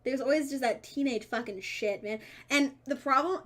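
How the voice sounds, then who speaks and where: A young woman live-streaming a game, chatting casually with lots of swearing and loud bursts of laughter. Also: high voice, normal speed. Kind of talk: casual live-stream chat while gaming.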